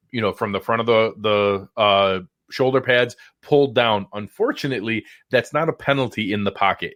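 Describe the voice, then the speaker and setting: A man's voice: fairly low pitch, a bit bright, no room sound, studio quality. A man co-hosting a post-game sports talk show, breaking down plays in emphatic detail. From Buffalo area. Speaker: podcast co-host.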